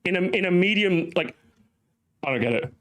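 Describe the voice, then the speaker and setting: A young man hosts a reaction commentary, ranting, mocking, swearing and laughing as he goes. His voice sits high and is fairly bright and animated, at a normal speed.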